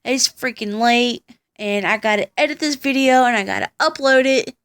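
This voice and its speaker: A woman's voice: fairly high pitch, normal speed, a bit bright. Blunt, profane young woman vlogging. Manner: blunt and profane, heated retelling. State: tired. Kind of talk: personal storytime vlog.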